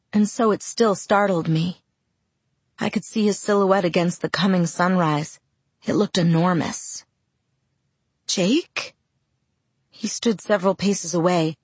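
A woman reading a first-person novel aloud in a measured, soft, reflective way on a close studio mic. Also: fairly low pitch, breathy edge, dry recording. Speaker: audiobook narrator.

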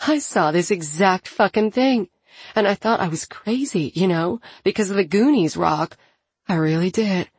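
A narrator putting on a keyed-up young woman who swears freely and laughs through her words, her voice lifting high and loud. The tone is husky and the sound is dry and close. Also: normal speed, no echo. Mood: excited.

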